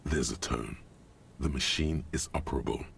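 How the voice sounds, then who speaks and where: An actor playing a calm game narrator, measured and matter-of-fact. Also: male voice, extremely low pitch, vocal fry, slightly rough, full character voice. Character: calm deep-voiced male game narrator.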